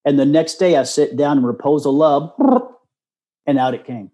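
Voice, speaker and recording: Earnest older man with a mellow voice. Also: fairly high pitch, fairly even intonation, moderate pace. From Texas. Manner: earnest, folksy, acts out quoted voices. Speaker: guest. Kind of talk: casual storytelling.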